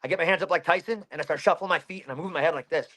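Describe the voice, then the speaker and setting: A man's voice: a little high, very fast, a bit bright. A man in his thirties from Pennsylvania, a fighter telling a story in an interview, blunt and heavy with swearing.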